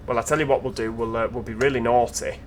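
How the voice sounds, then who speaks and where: A man's voice: medium pitch, fairly even intonation, quick pace, slight background noise. A man giving casual, chatty commentary over gameplay, with joking asides to his viewers. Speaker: video game commentator.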